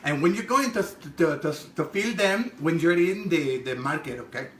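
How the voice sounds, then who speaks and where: A man puts on a gossipy middle-aged home cook, her voice pitched up and swinging wildly between squeals and low mutters. She chats crudely while demonstrating a recipe, and her voice rings bright and sharp. The sound bounces around an echoey kitchen. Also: expressive, normal speed, slight background noise. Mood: chatty. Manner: gossipy, chatty, crude asides, giggly. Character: brassy middle-aged Mexican-American woman home cook. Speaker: cooking show host. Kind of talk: comedic cooking demonstration.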